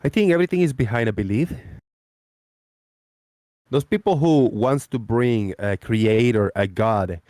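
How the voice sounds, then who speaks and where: A man's voice: mid-range voice, measured pace, long pauses, warm tone, dry recording, studio quality. Man hosting a live stream. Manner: rambling, restarts and repeats phrases. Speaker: host. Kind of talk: live-stream debate chat.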